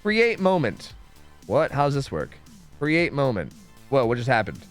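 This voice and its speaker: With soft background music playing, a young man streams a game and rambles casually to his chat, swearing freely and second-guessing himself. His medium-pitched voice swoops wildly in pitch at a moderate pace.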